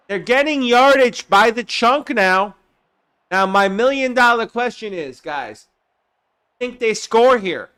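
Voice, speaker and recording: High, smooth-voiced male game streamer. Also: slow pace. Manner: bursts into excited play calls, then drops to quiet chat asides. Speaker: live streamer. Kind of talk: live play-by-play commentary on a football video game. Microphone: desk mic he drifts away from.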